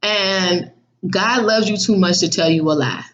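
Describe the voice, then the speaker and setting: A woman hosting a casual devotional vlog, animated and slangy, laughing often. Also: mid-range voice, unhurried. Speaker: vlog host. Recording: dull, muffled recording.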